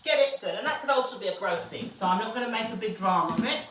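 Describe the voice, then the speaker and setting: A woman dog trainer, explaining steps calmly and then praising the dog in a high, excited voice. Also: racing, a little hiss or hum. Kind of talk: live training session commentary. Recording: very echoey, distant from the mic.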